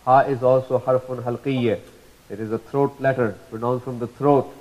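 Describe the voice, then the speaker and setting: A man teaching Quran recitation rules, patiently repeating each example slowly and drawing out the sounds. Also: medium pitch, fairly even intonation, a little mellow, dull audio. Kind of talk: slow tajweed lesson.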